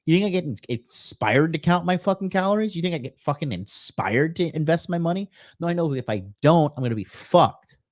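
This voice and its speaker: A man's voice: on the high side, animated, a little fast, hardly any pauses, dry recording, studio quality. A man hosting a live reaction stream, ranting in a profane, aggressive way and greeting chat. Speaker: streamer host.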